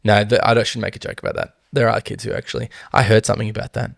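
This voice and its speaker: A man's voice: fairly low pitch, fairly even intonation, rapid-fire, creaky. A man, talking casually and at length on a podcast, wandering off into jokes and playful voices. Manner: chatty, rambling, slips into playful voices. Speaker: podcast co-host. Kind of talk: casual chat.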